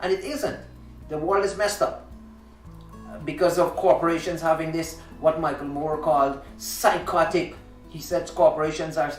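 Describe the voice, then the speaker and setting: A male talk show host delivers a heated monologue, pressing his points with indignation and frequent restarts. His voice sits at an ordinary pitch. He is recorded from a distance in a roomy, echoey space, with faint music underneath. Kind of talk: impassioned monologue.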